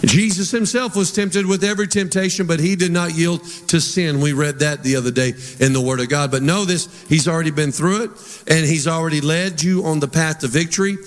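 Speaking briskly in a voice on the high side, a middle-aged pastor delivers a sermon full of humor and stories, told conversationally. The reverberant recording comes from a large church hall filled with a congregation.

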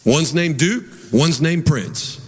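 In a large church hall before his congregation, a middle-aged pastor tells stories and jokes through a conversational sermon. His voice is a little high, husky, and expressive, and he speaks slowly, with the hall's echo and crowd audible.

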